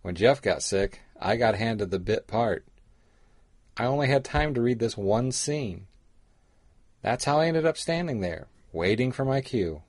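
A man reading a first-person short story in a measured way. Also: mid-range voice, expressive, a little mellow, no room sound. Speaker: story reader.

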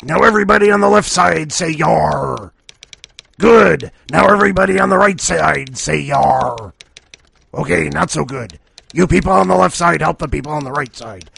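A man hosts a short-story podcast, reading a brief tale aloud. His voice is heavily gravelly and a little husky, and he breaks off for jokey, self-deprecating asides. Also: fairly high pitch, fairly bright tone. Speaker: podcast host.

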